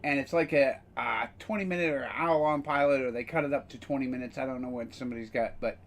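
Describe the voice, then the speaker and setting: A man's voice: mid-range voice, fast talker, few pauses. A man casually streaming a game, rambling with frequent fillers and the odd curse. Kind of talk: casual gameplay commentary.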